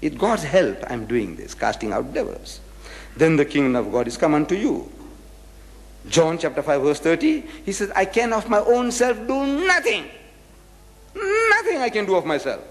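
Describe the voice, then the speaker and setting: A man giving a religious lecture, reading scripture verses aloud and explaining them with rhetorical questions. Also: sits high. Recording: echoey hall with long reverb.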